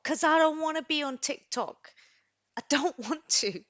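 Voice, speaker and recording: A woman hosting a live stream, talking in an unscripted, rambling and expressive way while close to tears. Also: high voice, unhurried, no echo. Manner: rambling, expressive, self-deprecating. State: tearful, emotional.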